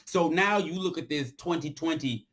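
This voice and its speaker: Forceful, preachy man lecturing. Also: moderate pace. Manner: forceful and preachy, repeats phrases for emphasis; swings between loud outbursts and low, quiet stretches. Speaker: commentator addressing his followers. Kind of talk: off-the-cuff impassioned monologue.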